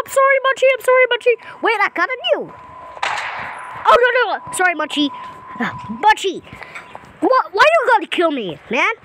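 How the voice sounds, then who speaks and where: A woman giving playful gameplay commentary, excitable and repetitive, talking to the characters on screen. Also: extremely high pitch, moderate pace, long pauses, a little hiss or hum, rough recording. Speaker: gameplay channel host.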